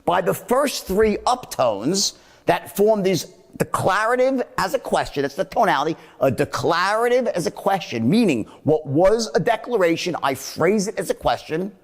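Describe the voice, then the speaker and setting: A man's voice: high-pitched, sing-song, normal speed, vocal fry, in a large hall. A man giving a sales seminar, blunt and profane, acting out the tones of voice he teaches. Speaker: sales trainer.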